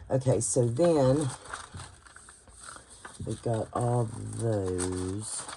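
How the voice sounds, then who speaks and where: A woman's voice: a bass voice, dark tone, slight background noise. A tired woman with a West Virginian accent giving a casual hands-on craft tutorial. She thinks aloud, rambles and searches for words as she works. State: tired late at night. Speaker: bookbinding crafter hosting her channel. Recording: clear crinkling paper and clicking sounds behind.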